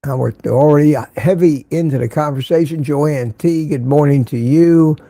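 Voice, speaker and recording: A man's voice: on the high side, normal speed, warm tone, no echo. An older man hosting a casual morning livestream, greeting viewers by name and reading the chat aloud. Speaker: livestream host.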